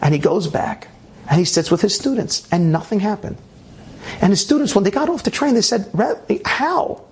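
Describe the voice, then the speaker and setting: A man with a raspy voice telling a Torah story in a lively way, with restarts and sound effects. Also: high-pitched, a little fast. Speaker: Torah speaker. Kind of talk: animated storytelling talk.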